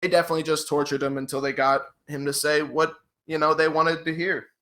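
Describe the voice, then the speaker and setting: A man's voice: on the high side, little pitch movement, fairly quick, fairly bright tone. A man co-hosting a podcast, chatting casually, full of filler words. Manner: filler-heavy, earnest. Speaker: podcast co-host. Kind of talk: casual chat.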